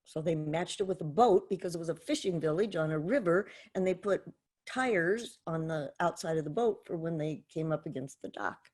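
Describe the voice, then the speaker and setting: A woman's voice: fairly low pitch, normal speed. A middle-aged woman with a Canadian accent, a podcast guest telling a personal anecdote and acting out the dialogue in it. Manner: animated storyteller, acts out quoted dialogue. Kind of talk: storytelling anecdote.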